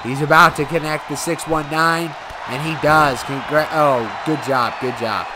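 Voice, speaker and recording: Excitable man calling a wrestling game. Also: on the high side, unhurried. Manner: excitable, shouts and cheers at big moments. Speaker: gaming channel host. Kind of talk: excited play-by-play commentary over a wrestling video game. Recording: loud game crowd and noise behind.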